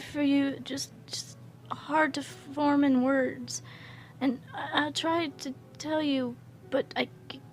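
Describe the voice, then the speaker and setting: A timid young man who barely speaks, voiced by a woman reading a fan story, stammering and stopping on nearly every phrase. The voice sits high and the delivery comes out slow and careful. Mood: earnest. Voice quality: stammering, halting. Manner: soft, hesitant, repeats words. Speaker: guest reader.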